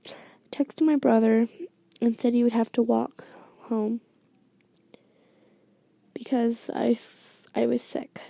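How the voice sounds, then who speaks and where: A young woman doing a whispered story reading in a hushed, halting way. Her voice is gravelly and dark, paced slowly, and it sounds close and dry. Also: fairly high pitch, little pitch movement, dry recording. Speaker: story reader.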